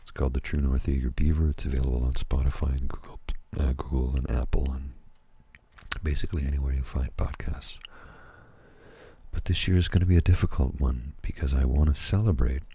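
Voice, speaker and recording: Very low, husky soft-spoken man. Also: fairly even intonation. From Canada. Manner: halting, rambling, frequent fillers and restarts. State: tired. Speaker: ASMR channel host. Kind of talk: soft-spoken ASMR personal talk.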